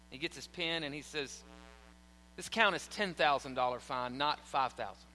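A man's voice: sits high, moderate pace, pushed and bright. A man preaching a sermon in church, telling a story animatedly and acting out the quotes. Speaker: pastor. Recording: long hall reverb.

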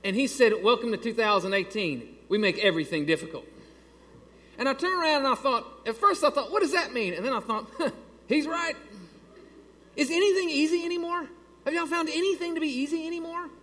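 High-voiced man preaching in a reverberant hall. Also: fast. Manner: animated, builds to loud exasperated storytelling. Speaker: pastor. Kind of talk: sermon with a storytelling aside. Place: church sanctuary.

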